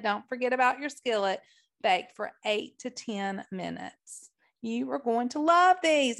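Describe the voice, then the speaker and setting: A woman podcast host with a Southern accent, reading a recipe and chatting in a friendly, talkative way. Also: mid-range voice. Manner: friendly, chatty, addresses listeners as y'all. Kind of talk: recipe reading and interview chat.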